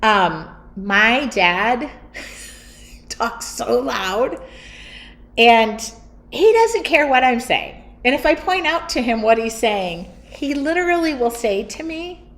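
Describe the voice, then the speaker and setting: A middle-aged woman hosting her art studio stream, talking loosely and loudly with frequent laughs. Her voice sits a little high. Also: lively intonation, takes it slowly. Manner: chatty, laughs often, loud. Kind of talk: casual chat during a livestream.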